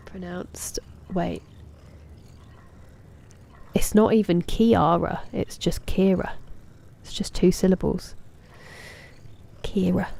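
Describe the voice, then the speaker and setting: A woman in her thirties streams a game and chats easily with her viewers, now and then muttering softly to herself. Her voice sits low with a gravelly fry. Its tone is dark and mellow. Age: 30s. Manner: chatty, reads and answers chat, mutters softly to herself. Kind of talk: casual live-stream chat while gaming.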